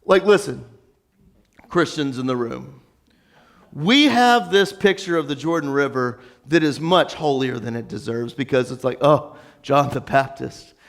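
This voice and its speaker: A male pastor preaching a sermon, retelling the story in an animated, joking, conversational way. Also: medium pitch, measured pace.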